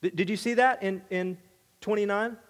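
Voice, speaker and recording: High-voiced man preaching in a hall. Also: steady tone, normal speed. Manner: emphatic, conversational preaching with repeated words. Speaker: pastor. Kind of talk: sermon.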